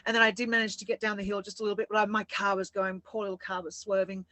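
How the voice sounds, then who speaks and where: Casting: chatty co-host woman, bright tone, dry close sound, rambling and laughing often. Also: medium pitch, flat delivery, racing, no room sound, poor audio. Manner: rambling, laughs through her story. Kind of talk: casual chat.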